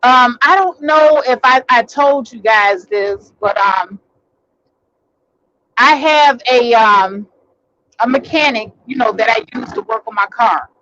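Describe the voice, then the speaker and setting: A woman's voice: fairly high pitch, slow pace, sharp tone, no room sound, lo-fi sound. A woman vlogger telling a personal story in a casual, rambling way, full of fillers and restarts, recorded in a vehicle.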